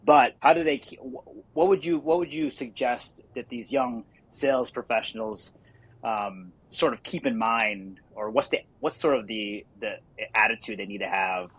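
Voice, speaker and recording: A man's voice: mid-range voice, normal speed, fairly bright tone, husky, poor audio. A man co-hosting a podcast, asking long questions with hesitant restarts. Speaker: podcast co-host. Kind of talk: casual podcast chat.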